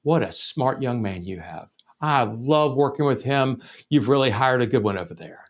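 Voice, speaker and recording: A man's voice: mid-range voice, lively intonation, normal speed, natural voice. A man voicing a chatty little old lady shopper in a story he tells, explaining her needs in a homey, rambling way. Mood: praising.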